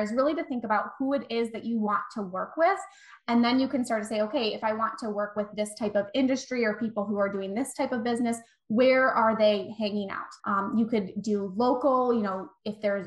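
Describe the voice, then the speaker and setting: Upbeat woman coaching in an echoey room. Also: fairly high pitch. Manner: chatty, encouraging, acts out quoted dialogue. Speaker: guest, virtual assistant coach. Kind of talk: casual podcast interview.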